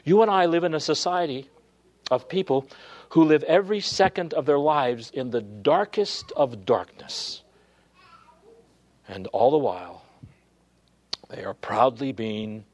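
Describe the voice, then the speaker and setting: Man, pastor, sermon, emphatic preaching, mid-pitched voice. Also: measured pace. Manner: preaching with swelling emphasis, dropping to near-whisper at times.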